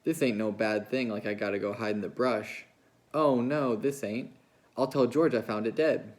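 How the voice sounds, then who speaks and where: A man reading a novel aloud, voicing a big, slow-witted, childlike ranch hand who talks in a plaintive, pleading way. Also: lowish voice, darkish tone, natural voice. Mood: grieving.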